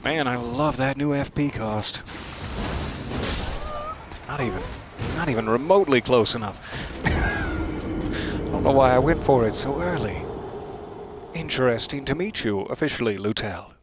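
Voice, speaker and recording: A man's voice: mid-range voice, very animated, measured pace, pauses often, background noise. A man giving live gameplay commentary, wry and musing, chatting to the enemies he fights. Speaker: streamer playing a video game.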